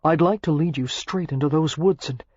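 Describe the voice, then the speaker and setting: A woman voicing a practical, dour young gentleman in an audiobook. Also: low voice, normal speed, slightly rough, no echo, highs cut off. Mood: low-key. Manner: dry, dour.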